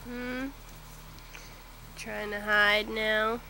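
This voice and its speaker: A woman's voice: mid-range voice, flat delivery, drawn-out words, pushed and bright. A woman filming her cat at home on a handheld camera, talking to it in teasing baby talk. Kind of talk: home video narration. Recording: noisy home video.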